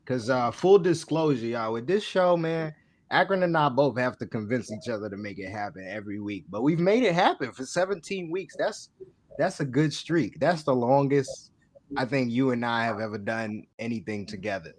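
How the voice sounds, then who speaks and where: A man's voice: mid-range voice, normal speed. A man co-hosting a casual podcast, cheering his partner on and bantering. He talks plainly and loosely, with a hype, encouraging tone. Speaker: podcast co-host. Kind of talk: casual chat.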